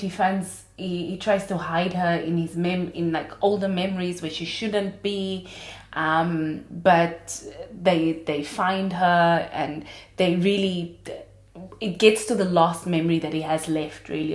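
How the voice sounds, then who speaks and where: A low-pitched woman in her late twenties talks through a casual podcast monologue. She is a chatty, dramatic storyteller who laughs easily. Her voice rings around a roomy, echoey space. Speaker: podcast host.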